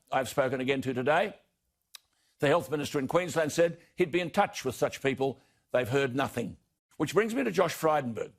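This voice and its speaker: An Australian man delivering an indignant broadcast opinion editorial, slowing down to hammer home key words. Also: on the high side. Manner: indignant, emphatic, slows for stressed words. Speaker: broadcast commentator.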